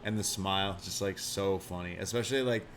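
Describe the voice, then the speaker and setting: A man's voice: low-pitched, fairly even intonation, brisk, a bit bright, a little hiss or hum. A man co-hosting a podcast in casual chat, talking loosely with lots of fillers and easy laughs. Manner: chatty, laughs easily, many "like" fillers. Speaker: podcast co-host.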